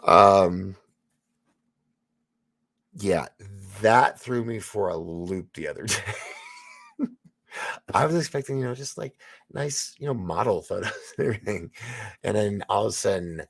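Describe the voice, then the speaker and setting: Brief: male livestream host, low gravelly voice, chatty and rambling, dry close sound. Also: animated, a little slow, pauses often, fairly bright tone, dry recording. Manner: rambling, laughing, many fillers and restarts. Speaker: livestream host reading chat. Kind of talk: casual livestream chat.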